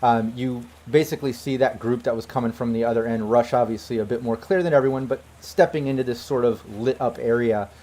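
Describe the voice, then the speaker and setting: Dude gm narrating a tabletop game, casual, lots of ums. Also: male voice, mid-range voice, a little fast, few pauses, dark tone. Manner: casual, filler-heavy narration. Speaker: game master.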